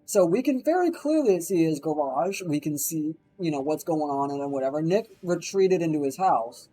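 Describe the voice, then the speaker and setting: A man's voice: on the high side, brisk, low-quality recording. A man telling a rambling anecdote on a stream, swearing constantly and livening it with quoted voices. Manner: profane, animated anecdote telling. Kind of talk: casual storytelling.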